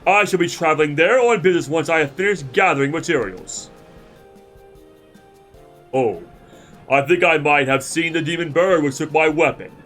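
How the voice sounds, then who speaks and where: A man's voice: fairly high pitch, expressive, moderate pace, long pauses, fairly bright tone, soft background music. A man with a cold voicing a swaggering, boastful male duelist in grand, old-fashioned speech. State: congested with a cold.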